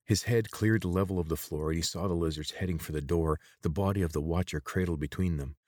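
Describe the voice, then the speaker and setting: A man narrating an audiobook in a steady, even storytelling manner. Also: low-pitched, quick pace, dry recording, clean studio sound.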